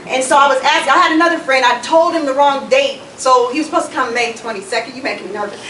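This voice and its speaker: A woman's voice: high-pitched, fast talker, few pauses, pushed and bright. A woman giving an emphatic religious lecture and answering questions, laughing often. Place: mosque hall. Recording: echoey room from far off, noisy.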